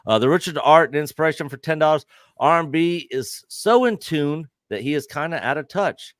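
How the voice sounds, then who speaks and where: Male stream host, casual and upbeat, reads donations aloud and fills in with quick yeahs. Smooth, dry desk-mic sound. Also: a little high, lively intonation, dry recording. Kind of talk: casual livestream chat, reading chat messages.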